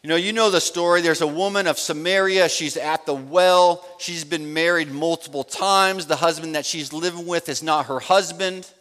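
A man preaching a sermon, asking his listeners rhetorical questions and speaking in slow, emphatic phrases. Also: on the high side, a bit bright. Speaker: pastor. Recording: long reverb of a large hall.

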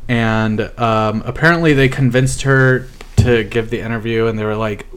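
A man's voice: mid-range voice, normal speed, clean tone. Laid-back man telling news stories. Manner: relaxed storytelling, laughs often. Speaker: podcast co-host reading news stories. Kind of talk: casual chat.

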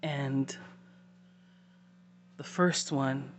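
Slow, halting woman speaking from the heart. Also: a bass voice, steady tone, a little hiss or hum. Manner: halting, heartfelt, with long pauses. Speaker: personal storyteller. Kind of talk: personal testimony to camera.

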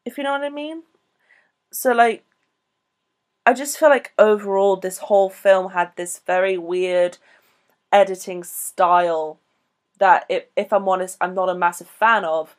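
A woman co-hosting a podcast, talking casually about a film in a rambling, animated way. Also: mid-range voice, measured pace, pauses often. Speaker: podcast co-host.

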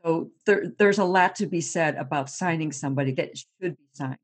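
A woman sports reporter chatting casually and telling animated stories, laughing often and repeating words as she goes. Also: deep voice, fairly quick, husky.

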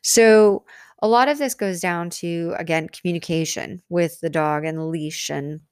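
Lower-voiced woman explaining dog training. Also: a little slow, darkish tone, clear, resonant tone, dry recording, studio quality. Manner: conversational, many fillers and restarts, explains with analogies. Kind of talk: casual instructional talk.

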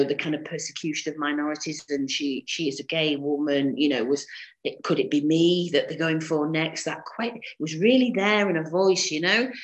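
A woman's voice: sits low, rough recording. A woman co-hosting a political podcast, speaking earnestly and emphatically in long rambling runs. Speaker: podcast co-host. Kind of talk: casual political chat.

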